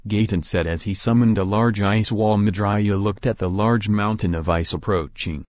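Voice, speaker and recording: A man narrating a fan fiction story in a steady storytelling manner. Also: lowish voice, normal speed, few pauses, no echo, studio quality.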